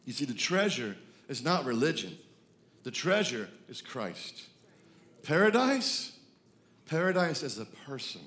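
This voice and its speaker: A man, preaching a sermon, moving from hushed reflection to loud, excited declarations. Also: medium pitch, normal speed. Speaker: pastor.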